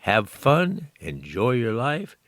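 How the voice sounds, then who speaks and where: A man's voice: mid-range voice, huge pitch swings, slow pace, fairly bright tone, no room sound. A man, a volunteer reader in a studio, reading news articles aloud with folksy asides of his own. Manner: folksy, aside-prone, amused.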